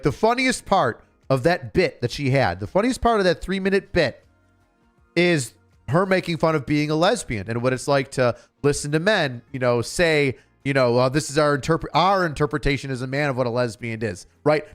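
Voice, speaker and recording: Sarcastic ranting man with music behind. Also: fairly high pitch. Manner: exasperated, sarcastic ranting with frequent filler words and swearing. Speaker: streamer reacting to a comedy special. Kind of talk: casual reaction commentary.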